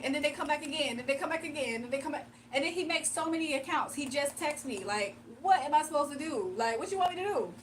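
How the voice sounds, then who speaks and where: A high-pitched woman hosts a laid-back livestream, chatting to viewers and breaking into frequent laughs. She sits a little back from the mic, and a faint hum runs underneath. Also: animated, quick pace, few pauses, recorded from a distance. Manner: chatty, laughs often, talks straight to chat. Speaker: livestream host. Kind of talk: casual livestream chat with viewers.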